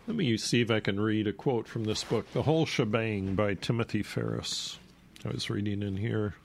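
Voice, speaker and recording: A man hosting a talk program, explaining and reading aloud from a book in a halting way with many fillers, short of breath and coughing. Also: lowish voice, creaky. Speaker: radio host. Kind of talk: casual spoken commentary reading from a book.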